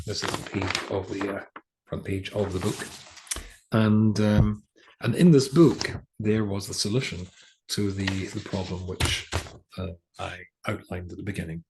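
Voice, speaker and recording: An older rabbi teaching a class, his low voice gravelly with fry. He talks in a relaxed, storytelling way, pausing on fillers and restarting his sentences as he goes. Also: very noisy. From England. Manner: chatty, hesitant with many fillers and restarts. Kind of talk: storytelling lecture.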